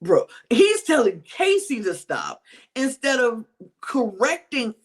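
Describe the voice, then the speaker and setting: A high voice at a slow pace belongs to a podcast co-host casually recapping reality TV. Their storytelling is lively, and they act out the quotes.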